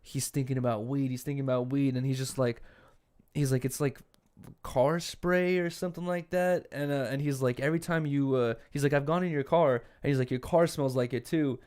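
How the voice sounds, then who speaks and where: A man's voice: mid-range voice, steady tone, fairly quick, a little mellow. A young man from California co-hosting a podcast, telling laid-back, profane stories in casual chat and acting out what people said. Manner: laid-back storytelling, profane, acts out quotes. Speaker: podcast co-host.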